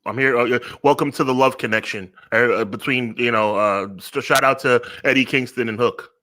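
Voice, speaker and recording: Bright-voiced man ranting on a podcast. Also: mid-range voice, a little fast. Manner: blunt, mock-outraged, lots of restarts. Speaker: podcast co-host. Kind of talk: casual podcast chat.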